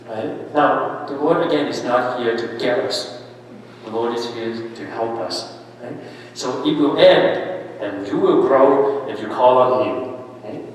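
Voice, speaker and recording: A man's voice: mid-range voice, unhurried, a little hiss or hum. A man, a priest giving a parish mission, preaches in a conversational way, often checking in with his listeners with "right?" and "okay?", and rising sharply on the points he stresses. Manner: lively and emphatic, with sudden rises on key points. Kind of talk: conversational sermon. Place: church. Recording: echoey church hall, mic at a distance.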